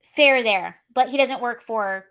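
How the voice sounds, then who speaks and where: Woman host, slightly high-pitched, animated casual livestream commentary. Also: unhurried. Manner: chatty, animated, reads chat comments aloud. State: allergies, coughing and sneezy.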